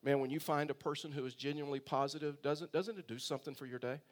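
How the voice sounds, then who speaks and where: Storytelling male pastor, fairly high voice. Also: steady tone, quick pace. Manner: conversational storytelling, rhetorical questions. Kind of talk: sermon.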